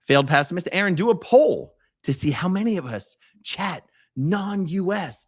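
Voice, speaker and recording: A man's voice: high voice, expressive, moderate pace, no room sound, studio quality. A man hosting a casual live stream, rambling and self-correcting as he reads viewer comments, often laughing.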